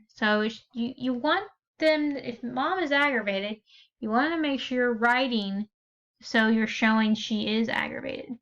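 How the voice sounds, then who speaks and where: A woman teacher explaining a writing lesson step by step, pausing often to check in with her students. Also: fairly high pitch, a bit bright, dull audio. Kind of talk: recorded classroom lesson.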